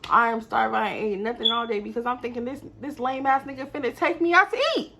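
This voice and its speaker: A woman's voice: a little high, fast, creaky, pushed and bright. A young woman telling a casual storytime straight to camera. She keeps turning to her viewers to vent her exasperation. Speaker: vlogger.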